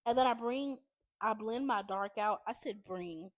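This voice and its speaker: A chatty woman doing a casual makeup tutorial, her voice sitting fairly high. She keeps checking in with viewers, tossing in y'all and okay. The sound is close and dry, with no room behind it. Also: measured pace, no room sound. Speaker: beauty vlogger.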